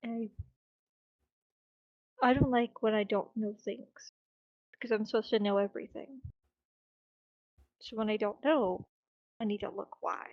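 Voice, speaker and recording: A woman voicing a stern, guarded male adventurer who speaks in a measured, firm and quiet way, recorded on a dull, dry home mic. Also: mid-range voice, fairly even intonation, dry recording.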